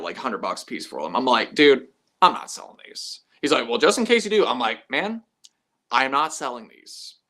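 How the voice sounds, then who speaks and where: Man, live stream host, casual storytelling, lively swinging pitch, bright forceful voice, swears freely. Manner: animated, swears freely, acts out both sides of conversations.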